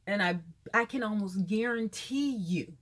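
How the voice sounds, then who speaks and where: A woman in her fifties giving an indignant, animated commentary to her followers, sometimes dropping to a whisper for asides. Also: medium pitch, unhurried. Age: 50s. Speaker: vlogger. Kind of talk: casual commentary monologue.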